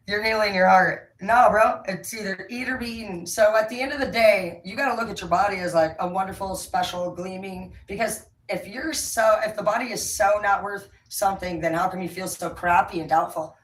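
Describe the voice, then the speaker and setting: A woman giving a casual tarot reading, talking in a blunt, rambling and emphatic way. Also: medium pitch. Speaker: tarot reader. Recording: roomy, distant from the mic, faint ambience.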